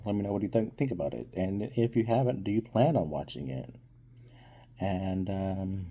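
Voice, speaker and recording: Low, dark, husky-voiced man rambling. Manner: hesitant, full of ums and trailing thoughts. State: still getting over being sick. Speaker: movie reviewer. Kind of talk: casual review vlog.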